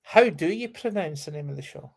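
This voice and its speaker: A man's voice: on the high side, animated, a little fast, gravelly. A middle-aged man speaking as a guest in a live-stream interview, hesitant and searching, often restarting his questions. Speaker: guest, company chief executive.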